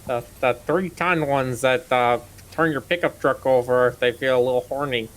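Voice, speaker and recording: Man putting on a folksy prairie guy, boastful, tall tales, rambling fillers, mid-pitched. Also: fairly even intonation, normal speed, fairly bright tone, lightly acted.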